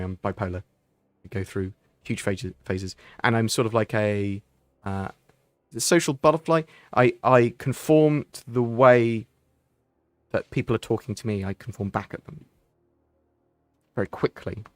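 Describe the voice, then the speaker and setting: A man's voice: fairly low pitch, no room sound. A man hosting a casual livestream Q&A, answering chat questions in a rambling, chatty way with frequent ums and restarts.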